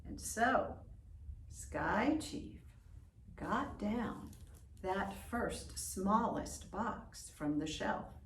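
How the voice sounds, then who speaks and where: Very slow woman storyteller. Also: mid-range voice, slight background noise. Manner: slow, expressive, drawn-out phrasing. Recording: roomy echo, distant from mic.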